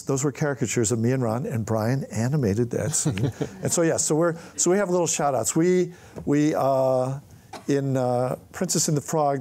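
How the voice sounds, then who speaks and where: A guest film writer-director, older and male, recounts anecdotes on stage for an audience, acting out each quoted voice with animation. His voice is mid-range, and there's slight background noise.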